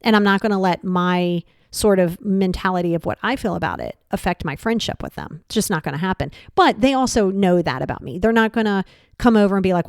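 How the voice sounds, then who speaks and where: A frank woman in her fifties talks straight into a close podcast mic, blunt and casual, swearing as she goes. Her voice sits mid-range, and the sound is dry and close, with no room around it. She jumps up in pitch to hammer home a point. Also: quick pace, no room sound. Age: 50s. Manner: animated, pitch jumps for emphasis. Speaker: podcast host. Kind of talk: casual monologue.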